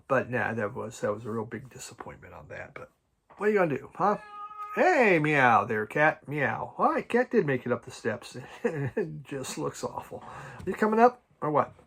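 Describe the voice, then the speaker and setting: A man chatting casually about his record collection at home, halting and restarting often and chuckling now and then. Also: mid-range voice, expressive, gravelly, a bit bright, husky. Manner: halting, many restarts and repeated words. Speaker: vinyl record collecting vlogger. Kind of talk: casual rambling chat.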